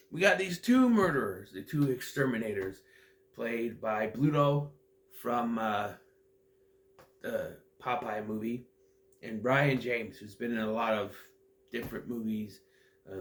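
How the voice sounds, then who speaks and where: A man giving a casual, rambling movie recap that meanders and often loses its thread. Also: lowish voice. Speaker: movie reviewer.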